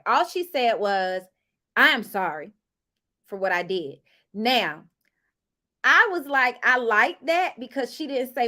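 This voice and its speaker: Woman w/ aave, higher voice, slow easy talk, chatty recap w/ lots of asides to viewers. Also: animated, sharp tone. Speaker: reality show cast member recapping an episode. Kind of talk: casual recap chat.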